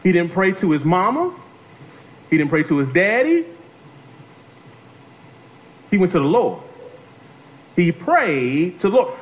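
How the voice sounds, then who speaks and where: A guest preacher delivers a sermon in a slightly high, sing-song voice at a measured pace with long pauses, captured on a low-quality recording. He addresses the congregation, repeating phrases and calling on them to respond.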